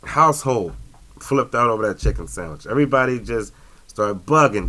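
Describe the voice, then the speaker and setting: A man's voice: mid-range voice, expressive, moderate pace, pushed and bright. A man hosting a casual talk radio show, rambling and joking with lots of fillers and restarts.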